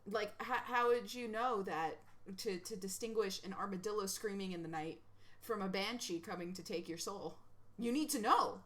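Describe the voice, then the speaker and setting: Giggly bright-voiced woman streamer. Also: medium pitch. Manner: giggly, excitable, rambling. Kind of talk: casual reaction stream.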